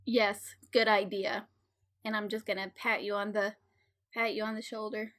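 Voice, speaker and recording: A woman playing in a tabletop game, with playful, quick replies. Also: mid-range voice, little pitch movement, fairly bright tone. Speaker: player.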